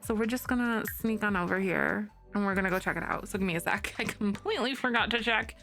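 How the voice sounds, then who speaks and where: A young woman streaming live, chatting casually with her viewers, greeting them by name and squealing when something excites her. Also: mid-range voice, fast talker, gravelly, soft background music. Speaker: Twitch streamer. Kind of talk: casual live-stream chat while playing a game.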